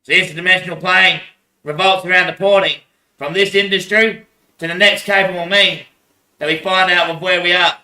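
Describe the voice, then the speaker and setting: A man's voice: high-pitched, fairly even intonation, normal speed, bright, forceful tone. An Australian man in a rambling casual monologue, swearing a lot and laughing between phrases. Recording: echoey room, voice far from mic.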